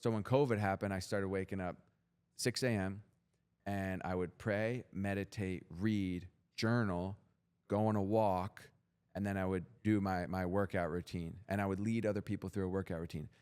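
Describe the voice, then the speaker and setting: A man's voice: deep voice, steady tone, normal speed, darkish tone, smooth. A young man as a podcast guest, telling his story in a blunt, profane, intense motivational way. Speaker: guest entrepreneur.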